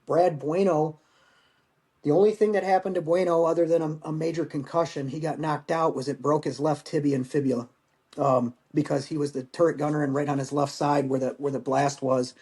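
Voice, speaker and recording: A man in his forties, a veteran guest on a podcast, recounting a personal war story in a halting, emotional way with rough language. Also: on the high side, steady tone, darkish tone.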